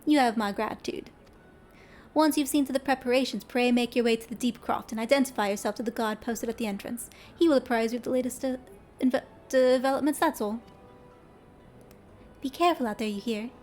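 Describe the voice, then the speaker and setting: A woman's voice: fairly high pitch, fairly quick, darkish tone, soft background music, natural voice. A woman reading aloud as a grave, formal male military commander in a game. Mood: earnest.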